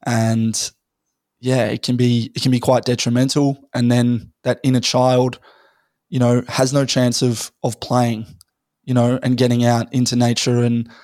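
A man, a little hoarse from losing his voice, rambling through a casual podcast conversation and thinking aloud with many fillers. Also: medium pitch, monotone, a little slow, a little mellow, no room sound, studio quality. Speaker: podcast guest.

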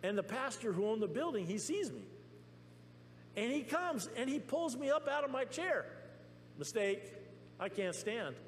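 A man preaching a testimony sermon in a church, telling his story excitedly with many restarts. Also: very high-pitched, normal speed. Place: church sanctuary. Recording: long reverb in a church with faint hum.

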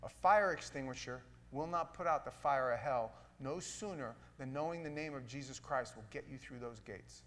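A middle-aged man, a pastor, preaching a sermon in a folksy, playful way that swings from loud to hushed. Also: mid-range voice, normal speed, hardly any pauses.

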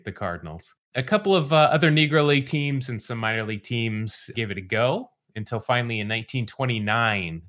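A man hosting a podcast, relaxed storytelling with dry asides in casual chat. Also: on the low side. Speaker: podcast host.

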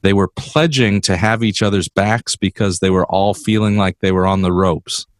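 A man's voice: deep voice, fairly even intonation, moderate pace, dry recording. A man co-hosting a podcast, chatting casually and telling a story with teasing asides. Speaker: podcast co-host. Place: California.

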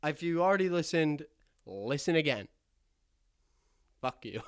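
A man's voice: a little high, lively intonation, measured pace, clear, resonant tone, no room sound, clean studio sound. A young man hosting a podcast from his attic, rambling in a self-deprecating, jokey way with frequent stammers and asides. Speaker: podcast host. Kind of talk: rambling comedic podcast monologue.

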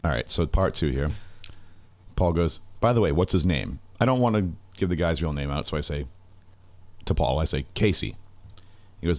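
A man co-hosting a casual comedy podcast, reading long text messages aloud in a dry, steady way. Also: rumbling low, a little fast, long pauses, no room sound. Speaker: podcast co-host.

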